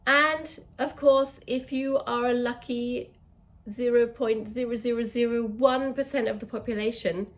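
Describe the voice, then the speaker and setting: A woman with an English accent, a communication coach teaching to camera, stretching out key words for emphasis. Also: on the high side.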